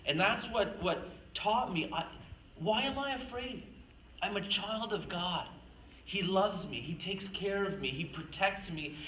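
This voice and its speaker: A woman's voice: fairly low pitch, measured pace, fairly bright tone, reverberant, far from the mic, a little hiss or hum, low-quality recording. A woman giving an earnest faith talk at a retreat, telling stories and acting out the quotes. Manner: earnest, storytelling, acts out quoted speech. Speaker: retreat speaker.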